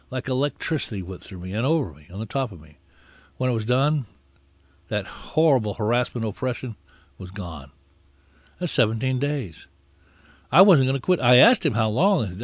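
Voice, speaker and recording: A man's voice: mid-range voice, lively intonation, moderate pace, no room sound. A man preaching a conversational sermon in an earnest tone, rising in force when he exhorts. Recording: dull lo-fi dry recording.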